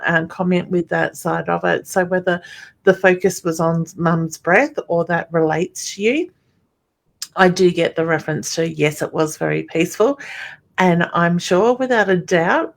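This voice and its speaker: A woman's voice: lowish voice, normal speed, gravelly. A woman hosting a psychic medium live stream, feeling tired and under the weather, greeting viewers by name and reading their comments aloud. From Australia. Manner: warm greetings, calls viewers honey and gorgeous, reads comments aloud. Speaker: psychic medium livestream host.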